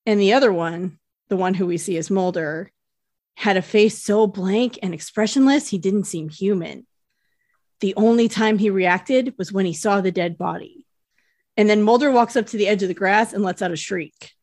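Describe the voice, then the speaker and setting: Relaxed woman recapping a TV episode. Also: medium pitch, moderate pace, no echo, studio quality. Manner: relaxed storytelling, retells scenes in plain narration. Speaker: podcast co-host. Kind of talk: casual recap chat.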